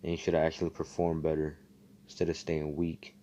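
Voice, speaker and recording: A man doing a brash young hero with a low, mellow voice, blunt and mocking, swearing at anyone in his way. It plays like a casually told fan story. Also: completely flat delivery, fairly quick, dull audio, slight background noise. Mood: cocky.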